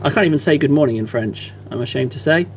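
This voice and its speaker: A man's voice: mid-range voice, quick pace, slight background noise. A man chatting casually on a live stream while he paints models, playful and teasing with his viewers. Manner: playful, teasing, mock-innocent banter with chat. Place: at a desk, painting.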